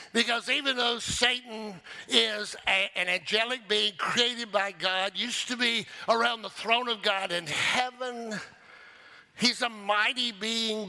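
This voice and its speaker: A man's voice: sits high, gravelly, sharp tone. A man preaching a sermon as pastor, emphatic, calling on the congregation for a response.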